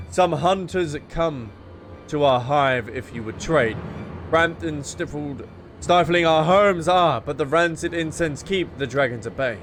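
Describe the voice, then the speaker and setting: A man's voice: on the high side, lightly acted. A man voicing a servile, oddly formal insect creature while reading game dialogue. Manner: stilted archaic phrasing, slow reading.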